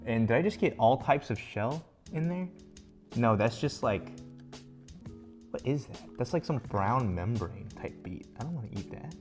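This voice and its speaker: A man's voice: mid-range voice, animated, moderate pace, darkish tone, soft background music. Jokey young man rambling through a bake. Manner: jokey, rambling, self-mocking. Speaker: home cook vlogger. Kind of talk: casual cooking vlog. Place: home kitchen.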